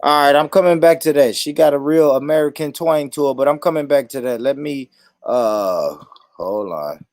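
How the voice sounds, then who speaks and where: A man's voice: mid-range voice, normal speed, darkish tone, dry recording, clean studio sound. A man hosting a casual reaction livestream, chatty with viewers, loose and swearing. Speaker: livestream host.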